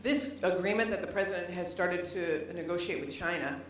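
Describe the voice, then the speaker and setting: A middle-aged woman giving a public lecture to an audience, animated and humorous, at times rising almost to a shout. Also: lowish voice, fairly quick, a little hiss or hum. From United States. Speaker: lecturer, former governor. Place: library lecture hall. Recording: very echoey hall, voice from some distance.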